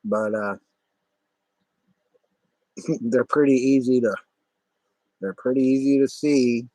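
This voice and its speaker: A middle-aged man talks slowly on his livestream, stumbling and restarting as he grumbles. His voice sits at an ordinary pitch. The sound is dry and close, with no room around it. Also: steady tone, mellow, dry recording. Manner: rambling, halting, irritable, many restarts. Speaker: livestream host. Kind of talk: casual livestream monologue.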